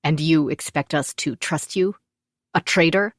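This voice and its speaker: A woman's voice: sits low, measured pace, no room sound, clean studio sound. A woman voicing a stern male master sergeant of a monastic order in an audiobook, speaking in an accusing, commanding way. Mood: suspicious.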